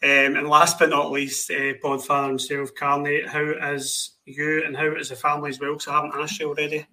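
A man's voice: a little high, little pitch movement, a little fast, sharp tone, rough recording. Teasing man hosting a podcast. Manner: joking, teasing banter. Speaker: podcast host. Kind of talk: casual podcast chat.

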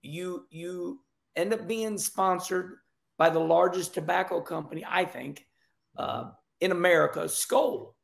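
A man's voice: high voice, unhurried, creaky. A man hosting a casual interview, emotional and effusive, asking long rambling questions of his guest. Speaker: podcast host, former race driver.

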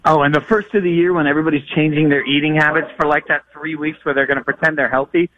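A man hosting a sports radio show, talking in a casual, energetic way and acting out other people's voices in his stories. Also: fairly high pitch, fast, phone-quality sound. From moved from Nashville to Connecticut. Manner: animated, mimics voices in anecdotes. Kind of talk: fast, energetic casual talk.

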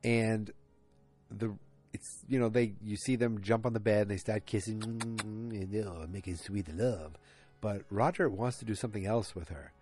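Male podcast host, lower register, rambling and conversational, casual recap delivery. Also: fairly even intonation, normal speed, a little mellow, soft background music. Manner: chatty, digressive, self-aware. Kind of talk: casual chat.

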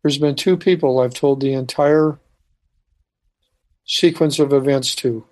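A man telling a personal story in conversation, halting with frequent restarts and dropping quiet at moments. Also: medium pitch, fairly even intonation. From United States. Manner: halting, restarts often, quiet when recalling. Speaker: speaker telling his life story.

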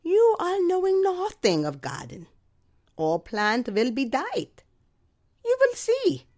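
A woman's voice: extremely high pitch, wildly swooping pitch, takes it slowly, darkish tone, voice pushed up, heavily acted. Woman putting on a scornful Eastern European neighbor. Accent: put-on Eastern European accent. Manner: broken English, mocking, scolding. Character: chain-smoking older woman neighbor, scornful and bossy.

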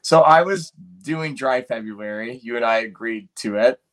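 A man joining a podcast as a guest, speaking at an ordinary mid pitch. He retells conversations in a relaxed way, leaning on "like" and "um" as he goes. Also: normal speed. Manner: relaxed storytelling, many "like"s and fillers. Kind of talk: casual chat.

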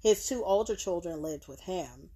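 A woman co-hosting a casual podcast, recounting a true crime case in a relaxed way with fillers and frequent agreeing yeahs. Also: on the low side, moderate pace, breathy edge.

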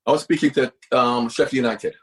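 A man's voice: mid-range voice, steady tone, fairly quick, a bit bright. A middle-aged man, a former football manager, talking at length as an interview guest, emphatic and repeating himself for stress. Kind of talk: casual interview talk.

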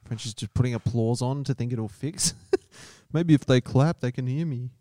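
A man's voice: medium pitch, normal speed, warm tone, slight background noise. An Australian man co-hosting a podcast, teasing his co-host with sarcastic ribbing. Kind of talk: casual banter.

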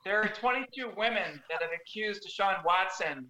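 A man on a podcast panel explaining a story haltingly, with many restarts. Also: high-pitched, lively intonation, bright, forceful tone, roomy sound, poor audio. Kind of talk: casual chat.

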